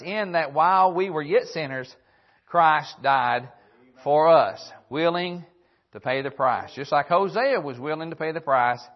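Through dull, lo-fi audio reminiscent of an old church broadcast, a man with a fairly high voice preaches, reading antiquated scripture verses and repeating his central phrases.

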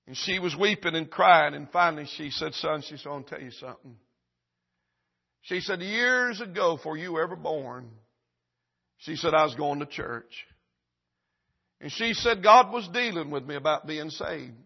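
Male preacher mid-sermon in church; swings from loud and urgent to hushed and slow; raspy, lo-fi sound. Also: fairly high pitch, animated. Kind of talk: revival sermon. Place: church service.

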